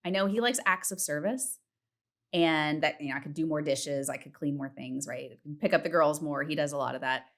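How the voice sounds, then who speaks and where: A woman in her thirties hosting a casual solo podcast from home, chatty and candid, swearing freely and acting out her self-talk in a high voice. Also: fairly quick, a bit bright. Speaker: podcast host. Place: home, partner in the next room.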